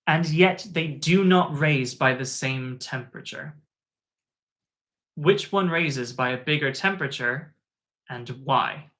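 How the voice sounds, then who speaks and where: A man who works as a tutor, telling an anecdote in a chatty, animated way with plenty of fillers. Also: on the high side, slow pace. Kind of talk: casual spoken anecdote.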